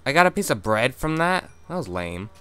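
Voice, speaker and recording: Chatty male gameplay host, mid-pitched and easily excited, with soft music under him. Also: a little fast. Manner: chatty, excitable, squeals high when startled. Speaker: gaming video host. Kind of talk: casual gameplay commentary.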